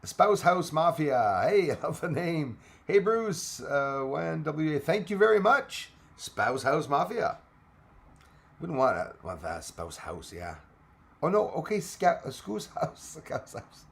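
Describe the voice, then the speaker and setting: A man's voice: on the high side, very animated, measured pace, gravelly. Chatty man hosting a live chat. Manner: chatty, greets commenters by name, laughs often. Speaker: livestream host. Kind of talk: casual live chat with viewers.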